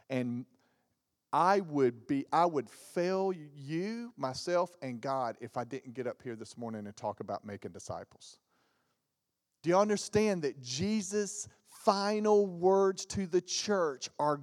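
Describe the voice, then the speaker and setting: Animated pastor in a reverberant church. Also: male voice, mid-range voice, measured pace. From Southern United States. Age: 40s. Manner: animated storytelling with jokes and mimicked voices. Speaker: guest pastor. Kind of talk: lively sermon with stories. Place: church sanctuary.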